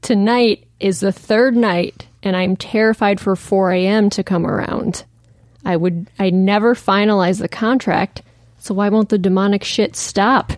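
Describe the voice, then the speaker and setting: A woman's voice: mid-range voice, fairly even intonation, measured pace, darkish tone, dry recording, studio quality. A woman co-hosting a casual podcast, reading a listener's email aloud and laughing easily between lines. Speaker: podcast co-host.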